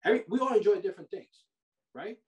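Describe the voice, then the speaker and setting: A man's voice: high-pitched, fast, recorded from a distance. Preachy, slangy man in a roomy space. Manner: animated and preachy, slangy with frequent "bro" and "yo". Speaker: podcast host. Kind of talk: casual money-advice chat. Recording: roomy sound from off the mic.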